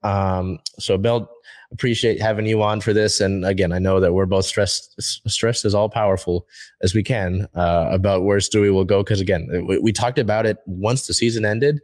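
Low-voiced man hosting a sports talk show. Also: steady tone, moderate pace, darkish tone, no room sound. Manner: rambling, many fillers and restarts.

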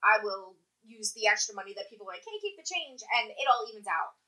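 A woman's voice: mid-range voice, fast talker, rough recording. A woman casually telling a story about her job in a toll booth, swearing freely and acting out what people said. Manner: animated, profane, acts out quotes.

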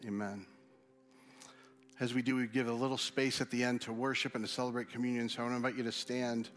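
Animated man preaching. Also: mid-range voice, racing. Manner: animated, conversational preaching with acted asides. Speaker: pastor. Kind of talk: sermon.

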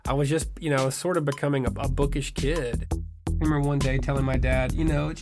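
A man's voice: mid-range voice, steady tone, a little fast. Wry man telling a personal story. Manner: wry, self-deprecating, conversational with fillers. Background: music score.

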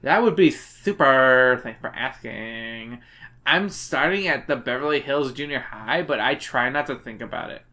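A man's voice: medium pitch, animated, unhurried, bright, forceful tone. A drunk man doing a slurring, lisping spoiled girl. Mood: snooty. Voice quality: slurring with a lisp. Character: spoiled preteen girl writing a snooty letter. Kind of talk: comic book reading.

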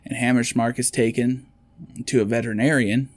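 A man's voice: mid-range voice, little pitch movement, no echo. A man chatting casually, retelling a movie plot in a rambling, storytelling way. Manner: rambling storyteller, quick quotes of characters.

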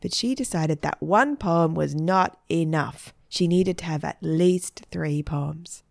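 A woman reading a children's story in a gentle, even storytelling manner. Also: sits low, vocal fry, no echo, studio quality. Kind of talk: scripted children's story narration.

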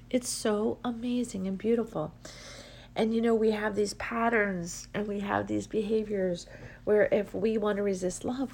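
Breathy, lower-voiced middle-aged woman, solo podcast host, effusive and rambling. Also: darkish tone. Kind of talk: casual solo podcast monologue.

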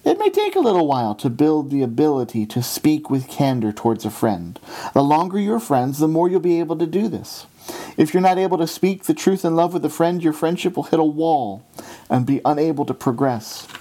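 Male preacher, earnest and steady, mellow low-bright tone. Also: brisk. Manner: earnest, steady delivery, often quoting scripture and authors. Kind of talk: sermon.

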